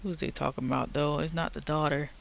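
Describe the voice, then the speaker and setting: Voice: mid-range voice, steady tone, fast talker, vocal fry, background noise. A gamer giving casual commentary during a playthrough, speculating aloud about the story. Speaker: let's play gamer. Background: faint game music.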